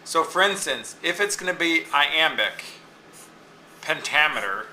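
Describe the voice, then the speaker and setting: Bright-voiced man teaching in an echoey room. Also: fairly high pitch, lively intonation, a little slow, a little hiss or hum. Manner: patient, explains step by step, checks in with "okay?". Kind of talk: classroom lecture on poetic meter.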